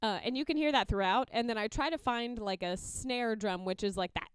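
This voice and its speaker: A young woman, a loop musician, chats in a casual, upbeat way about how she arranges songs for her looper, now and then singing or beatboxing quick examples. Her voice is fairly high and brisk, with some background noise in the recording.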